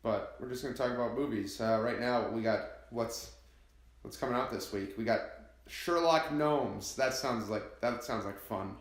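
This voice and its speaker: A man's voice: mid-range voice, moderate pace. A man co-hosting a casual podcast, leading the segments with joking banter. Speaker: podcast co-host. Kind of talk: casual chat. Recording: roomy echo.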